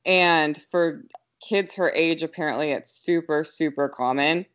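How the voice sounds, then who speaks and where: Young woman, slightly low voice, brisk animated storyteller, filler-heavy casual chat. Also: clean tone. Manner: quick, animated, lots of fillers.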